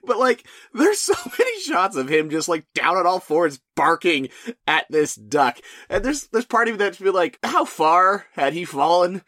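A man with a bright, lively, high-pitched voice jokes through the movie in disbelief. He laughs often and swears freely, and his sound is close and dry, with no room around it. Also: moderate pace, dry recording. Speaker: podcast co-host. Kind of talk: casual chat.

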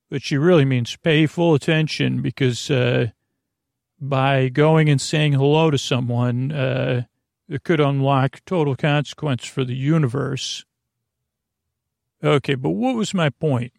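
A man hosting a bedtime podcast, talking slowly in a meandering way with lots of filler words and tangents. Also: mid-range voice, darkish tone, no echo, studio quality. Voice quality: creaky. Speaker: podcast host. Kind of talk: rambling bedtime talk.

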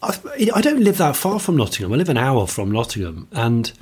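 A middle-aged man from England talks in a husky, mid-pitched voice, rambling with enthusiasm. His casual podcast chat is full of restarts and asides. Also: very animated, a little fast, darkish tone. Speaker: podcast co-host.

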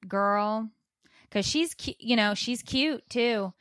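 Animated storytelling mom, dry sound. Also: female voice, a little high, slow pace, no echo. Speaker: podcast co-host. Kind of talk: casual chat. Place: warm recording room.

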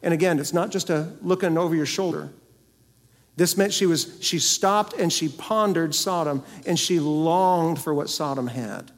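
A male pastor preaching a sermon emphatically, asking the congregation rhetorical questions and swinging between loud and soft. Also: fairly high pitch, normal speed. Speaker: senior pastor. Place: church sanctuary. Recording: long church hall reverb.

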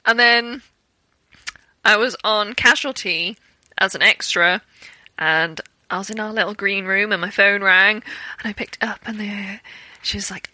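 Young british woman, bright crisp tone, dry close sound, lively storyteller. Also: medium pitch, moderate pace, no echo. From Britain. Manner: animated storytelling with acted-out quotes and laughter. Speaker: guest, actor. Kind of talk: casual interview chat.

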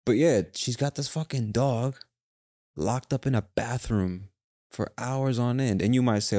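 A man's voice: on the low side, very animated, moderate pace, creaky, warm tone, no echo, clean studio sound. A young man hosting a podcast, talking alone in a casual, rambling rant full of swearing. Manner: rambling, profane, ranting. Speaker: podcast host. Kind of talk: casual solo monologue.

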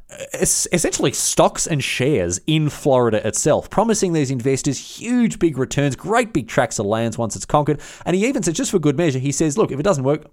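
A man's voice: a little high, darkish tone. A man hosting a history podcast, retelling events in a chatty, irreverent way with slang and frequent restarts. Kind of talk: casual history storytelling.

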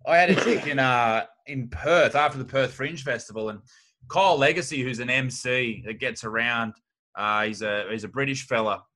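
A man's voice: medium pitch, normal speed, sharp tone. A man, a stand-up comedian, telling brash, sweary stories in casual chat.

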